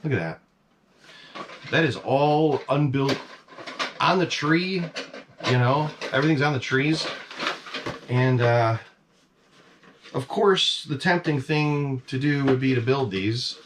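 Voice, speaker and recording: A man's voice: medium pitch, slow pace, long pauses, noisy background. A middle-aged man casually chatting about his collection in a basement, rambling with plenty of "you know"s and fillers. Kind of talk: casual vlog chat. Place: basement room.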